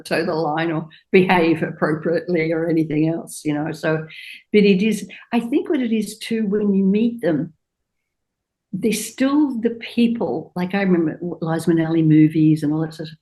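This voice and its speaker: An older woman, a fashion designer, telling anecdotes in an interview and acting out quotes in a higher voice. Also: poor audio. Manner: animated anecdotes, acts out quotes in a high voice. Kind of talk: storytelling interview chat.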